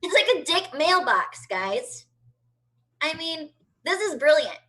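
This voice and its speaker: A woman's voice: sits high, sing-song, slow, pushed and bright, low-quality recording. A woman in her thirties doing a brash, profane stand-up routine from home over a video call. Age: 30s. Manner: brash, profane, chatty storytelling. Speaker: stand-up comedian.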